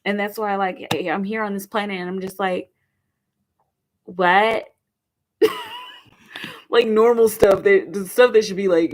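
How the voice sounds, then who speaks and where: Chatty young woman with a gravelly voice. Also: on the low side. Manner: chatty, rambling, lots of "like"; murmurs softly while shuffling. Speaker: tarot reader. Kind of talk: live-stream tarot reading.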